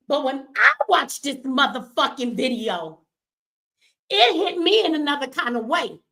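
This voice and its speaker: A woman's voice: high-pitched, lively intonation, unhurried, gravelly, sharp tone. A middle-aged woman, an activist host delivering an angry, profane livestream rant, tearful at times. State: crying.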